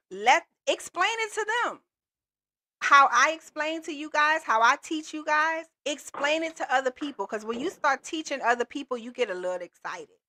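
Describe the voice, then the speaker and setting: A woman runs a live call-in coaching stream, cheering her viewers on in loose, slangy talk. Her voice sits a little high and rings bright and forward. She keeps the energy up throughout. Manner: upbeat, motivational, casual slangy talk. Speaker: business coach and livestream host. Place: Texas.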